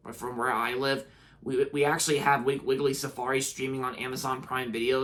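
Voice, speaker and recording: A man's voice: medium pitch, fairly bright tone. A young man from the United States giving a casual spoken video review. He rambles, restarts his sentences often and leans on filler words.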